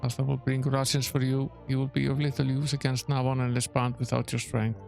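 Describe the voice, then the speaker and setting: A man voicing a stern male temple priest of high office, making grave, formal pronouncements as he reads game dialogue aloud. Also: level tone, brisk, creaky, a little mellow, faint music behind, lightly acted.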